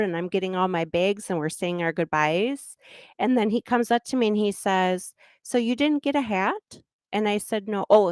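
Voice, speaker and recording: Middle-aged Minnesotan woman, livestream host, smooth clear voice close and dry, casual anecdotal chat. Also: mid-range voice, no room sound. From Minnesota, USA. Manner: chatty, laughs between anecdotes. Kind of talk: casual storytelling.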